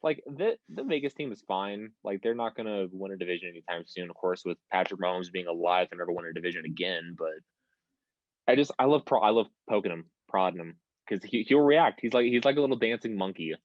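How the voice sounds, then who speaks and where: A young man from the United States tells a long story in a lowish voice, full of restarts and casual swearing. The recording sounds dull and lo-fi with no room echo. It feels like an unpolished podcast mic. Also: expressive, a little fast. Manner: rambling storyteller, swears freely. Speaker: podcast guest.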